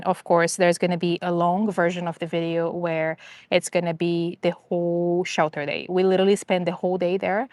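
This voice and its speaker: A woman's voice: fairly low pitch, clear, resonant tone, no room sound. A woman chatting casually on a live stream about rescue dogs, rambling and upbeat with lots of fillers.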